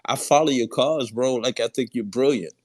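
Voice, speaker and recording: A man's voice: mid-range voice, moderate pace, darkish tone. Earnest male caller, Gullah Geechee accent. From Charleston, South Carolina. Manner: earnest, laughs often. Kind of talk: casual call-in chat.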